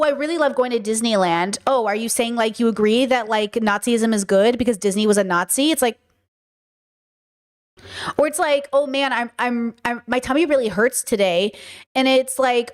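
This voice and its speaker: A woman hosting a casual podcast, her voice sitting high and bright. She chats with lively energy, slipping into little acted-out exchanges as she talks. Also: clear, resonant tone. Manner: animated, acts out quoted exchanges. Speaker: podcast host reacting to a video. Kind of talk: casual chat.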